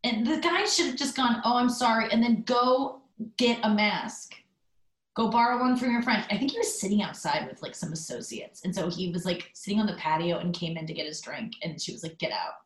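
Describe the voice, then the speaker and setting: In a reverberant, rough recording, a woman with a mid-range voice hosts a podcast and rambles through a story. Her casual monologue is chatty, with plenty of filler words and brief tangents.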